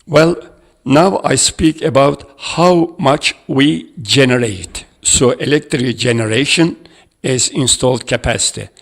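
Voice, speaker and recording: A man giving an academic conference presentation, halting and hesitant as he reads out figures from his slides. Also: medium pitch, gravelly. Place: conference room.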